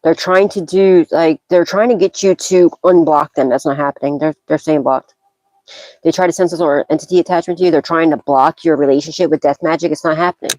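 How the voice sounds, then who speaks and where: A woman's voice: deep voice, steady tone, fairly quick, a little mellow, no echo, rough recording. A woman gives a psychic tarot reading as a loose, casual monologue. She is blunt and profane, scolding freely and breaking into bursts of laughter as she talks.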